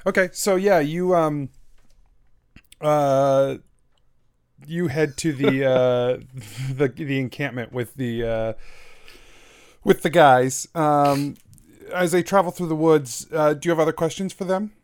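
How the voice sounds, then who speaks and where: Game master narration by a man, halting delivery, dry close sound. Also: a little high, darkish tone, clean tone, no room sound. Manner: halting, many fillers.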